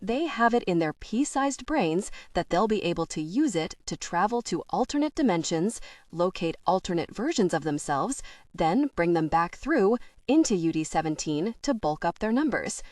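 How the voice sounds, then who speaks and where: A deep-voiced middle-aged mother with a British accent and a faint South Asian lilt, as a woman narrator puts her on. She is brisk, fretful and quick to scold. The voice sits dry and a little back from the mic in this storybook reading. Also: very animated, darkish tone, no room sound, distant mic. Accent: British with a hint of South Asian. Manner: exasperated, scolding.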